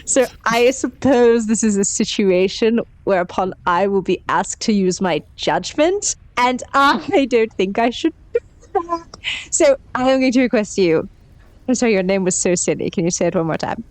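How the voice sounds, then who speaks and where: A woman's voice: medium pitch, animated, normal speed, dry recording. A woman playing a tabletop game, voicing her drunk character in a bubbly, exaggerated way. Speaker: player.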